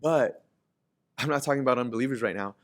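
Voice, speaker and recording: A man's voice: medium pitch, quick pace. Emphatic male pastor preaching. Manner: emphatic, repeats and restarts phrases, voice swells on scripture quotes. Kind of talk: sermon.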